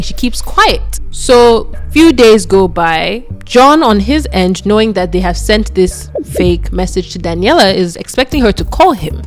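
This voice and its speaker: Woman storyteller, casual chatty narration, mid-pitched voice, faint music underneath. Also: big pitch swings, normal speed, hardly any pauses. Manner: chatty, acts out quoted lines in a lower voice.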